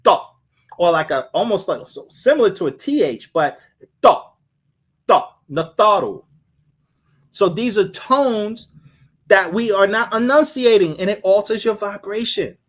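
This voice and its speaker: A man's voice: sits high, expressive, moderate pace. A man giving a casual live-streamed lecture, rambling and repeating himself as he sounds out syllables.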